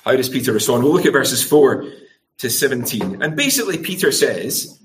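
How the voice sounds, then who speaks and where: A man's voice: mid-range voice, sing-song, normal speed, slight background noise. A middle-aged man preaching a sermon, asking the congregation rhetorical tag questions and acting out quoted speech. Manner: acts out quoted speech in changing voices.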